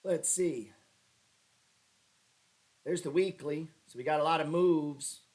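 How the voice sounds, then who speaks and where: Sarcastic, profane man hosting a trading stream. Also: takes it slowly. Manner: profane, sarcastic, mocking asides to chat; animated pitch jumps when ribbing viewers. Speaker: stock trading livestream host. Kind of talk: casual livestream chart talk.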